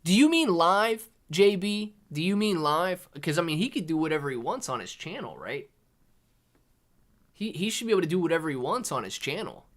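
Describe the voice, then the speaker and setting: A man hosting a casual live stream from home, reading out chat messages and answering them as he goes. He rambles loosely and peppers his speech with "dude" and "man." His voice stays fairly quiet and laid-back. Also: a little high, sing-song, normal speed. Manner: casual, says "dude" and "man" a lot, thinks aloud with restarts; talks softer to keep quiet near children. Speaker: livestream host reading chat.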